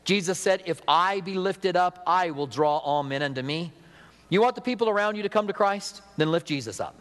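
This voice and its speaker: Middle-aged male pastor, conversational sermon, slightly high voice, long hall reverb. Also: animated, normal speed, a bit bright. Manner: conversational preaching with asides and acted-out quotes.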